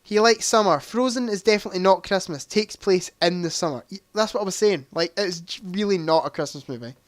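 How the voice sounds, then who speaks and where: A man's voice: high-pitched, brisk, no echo. A young man hosting a casual livestream quiz, chatty, reading out answer options and adding joking asides. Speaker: livestream host.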